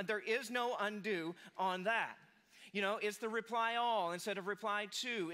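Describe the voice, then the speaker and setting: Bright-voiced man in his forties preaching. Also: high voice. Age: 40s. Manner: storytelling, conversational, self-deprecating. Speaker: pastor. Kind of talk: sermon.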